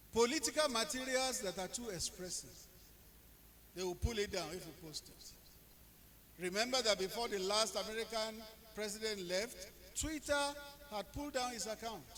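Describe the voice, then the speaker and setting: A middle-aged man with a Nigerian accent giving a public speech, telling anecdotes and swinging between quiet asides and loud, emphatic bursts. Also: high voice. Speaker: presidential aide speaking at an event.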